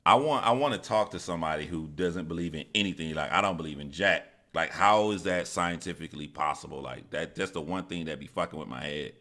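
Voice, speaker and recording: A man's voice: rumbling low, brisk, sharp tone. A man hosting a live stream, telling stories in a casual, profane, rambling way and reading out viewer chat.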